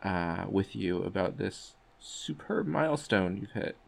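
A man who voices audio scripts, chatting casually on a podcast in a slow, teasing way. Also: low-pitched, animated, vocal fry. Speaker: voice actor.

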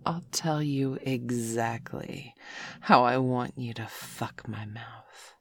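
A woman's voice: a bass voice, slow, breathy edge, dry recording. A woman in an intimate whispered role-play, speaking in a teasing, commanding way close to the ear. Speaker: audio role-play performer.

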